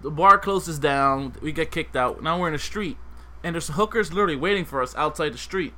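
A young adult man hosting a podcast, telling a comic story in a lively, casual way and acting out the other characters. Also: fairly high pitch, a little fast. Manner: animated, acts out voices. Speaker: podcast host.

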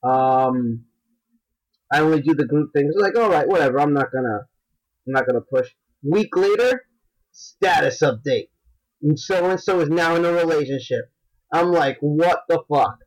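A man co-hosting a podcast in casual chat, dropping deadpan wisecracks and blunt, profane complaints. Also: on the high side, normal speed, low-quality recording. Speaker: podcast co-host.

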